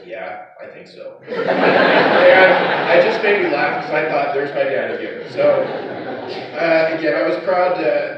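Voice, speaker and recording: A man's voice: medium pitch, heavy background noise. A man speaking at his father's funeral, rambling through anecdotes with many fillers and restarts. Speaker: son giving a eulogy. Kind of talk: informal eulogy with anecdotes. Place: funeral service hall. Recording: echoey hall, far from the mic, dull.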